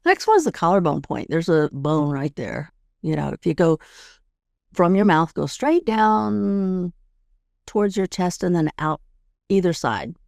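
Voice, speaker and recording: Middle-aged woman, podcast host, calm instructive delivery, some vocal fry, dry close mic. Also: fairly low pitch, measured pace, no room sound. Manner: calm, guiding, demonstrates steps; adds "right?" to check in with listeners. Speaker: podcast host and tapping coach.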